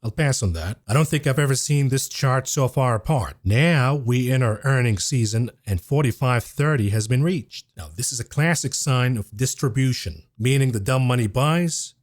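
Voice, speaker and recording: Man giving brisk, emphatic market commentary. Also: medium pitch, animated. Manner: brisk, emphatic, talks through charts. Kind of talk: scripted-sounding market commentary.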